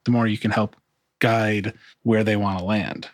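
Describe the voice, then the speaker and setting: Low-voiced man talking shop, rambling. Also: measured pace, no room sound, studio quality. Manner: relaxed, rambling, many restarts and fillers. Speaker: music producer. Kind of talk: casual interview talk.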